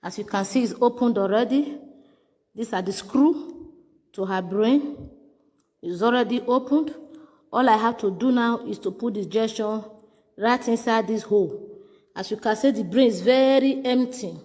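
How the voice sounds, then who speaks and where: A woman's voice: fairly high pitch, normal speed, pauses often, darkish tone, echoey room, in a large hall. A Nigerian woman vlogger doing a comic skit monologue in a mock-soothing tone, repeating herself often.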